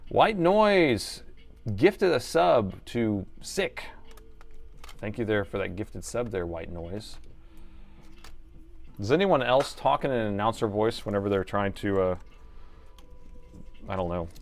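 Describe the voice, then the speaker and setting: A man's voice: on the low side, normal speed, long pauses. A middle-aged man on a laptop repair live stream, rambling and joking while he works in his workshop. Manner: rambling and joking, thinks aloud, slips into an announcer voice.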